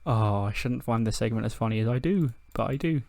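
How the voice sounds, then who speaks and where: A male game commentator does casual let's-play commentary, chatting away, laughing at himself, and reading out scores. His mid-range voice is a little fast and a little mellow, with vocal fry, recorded on a dry mic with no room sound.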